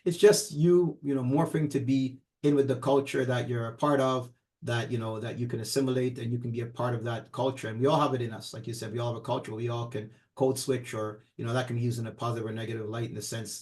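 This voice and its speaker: A man's voice: medium pitch, little pitch movement, quick pace, a little mellow. A middle-aged man co-hosting a casual talk show, rambling on with many fillers. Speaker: podcast co-host. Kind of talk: casual chat.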